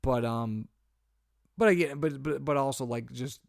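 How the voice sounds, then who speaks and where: A young podcast co-host tells a story in casual chat, growing louder and higher as his exasperation builds. His mid-pitched, gravelly voice is close and dry on the mic with no room sound or echo, and he speaks a little slowly in loose, rambling runs full of restarts.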